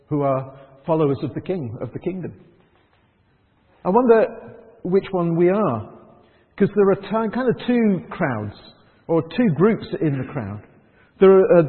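A man preaching a conversational sermon in church, lively and chuckling, dropping to soft prayerful tones. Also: a little high, normal speed, long reverb tail, narrow, tinny audio.

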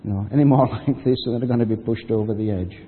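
A man's voice: on the low side, fast talker, slight background noise. A man giving a sermon, telling the story in a conversational way and acting out the quotes. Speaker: preacher. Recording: phone-like audio with long hall reverb.

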